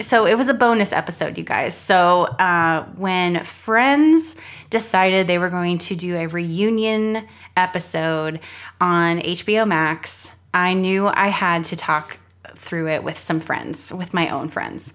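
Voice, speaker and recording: A woman's voice: on the low side, a bit bright. Giggly, chatty woman podcast host. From Florida. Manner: chatty and giggly, quick to laugh. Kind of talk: casual podcast chat.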